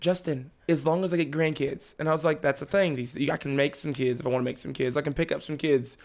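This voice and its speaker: A young man, a podcast guest, telling a story in casual chat, animated and laughing often as he acts out his family's lines. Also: fairly high pitch, fast. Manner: laughs often while talking.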